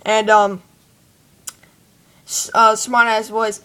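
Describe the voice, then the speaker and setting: A woman's voice: on the high side, moderate pace. A woman vlogger giving a rambling, casual fan commentary full of fillers. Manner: rambling, chatty, many fillers.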